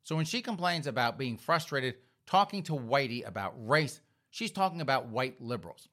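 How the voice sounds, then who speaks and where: A man's voice: mid-range voice, expressive, normal speed, pushed and bright. A man hosting an opinion commentary monologue, mocking and sarcastic, repeatedly addressing his listeners directly. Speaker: commentary host.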